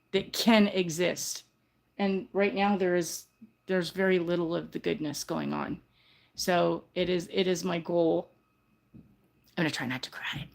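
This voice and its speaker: A creaky, fairly low-pitched voice belongs to an older woman hosting a relaxed livestream. Heartfelt and earnest, she meanders, self-corrects, and often begins her sentences again.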